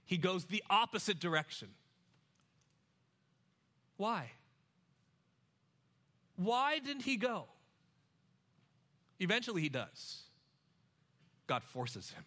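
A man preaching an expository sermon, moving between loud emphasis and hushed, low asides.

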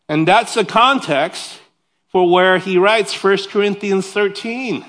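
Male pastor, higher register, animated conversational preacher who talks straight to the congregation. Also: slow. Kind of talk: sermon.

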